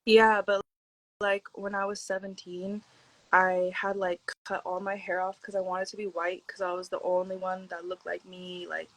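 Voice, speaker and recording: A woman's voice: lowish voice, level tone, normal speed, low-quality recording. Laid-back young woman telling stories. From Hawaii. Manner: laid-back, slangy, many "like" fillers, acts out quotes. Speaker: podcast guest. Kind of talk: casual storytelling chat.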